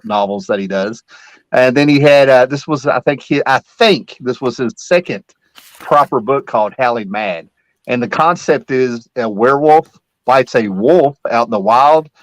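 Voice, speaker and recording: A man's voice: mid-range voice, fairly bright tone, no room sound, low-quality recording. Rambling middle-aged man, dry sound. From Kentucky-Virginia area. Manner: rambling, nostalgic, trails off mid-sentence. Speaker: host. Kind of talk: casual chat.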